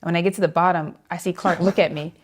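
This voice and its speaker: A young woman, a saxophonist being interviewed, telling stories in an animated way, laughing often and acting out the voices of the people in them. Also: fairly low pitch, quick pace. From New York. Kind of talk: animated storytelling with acted-out quotes.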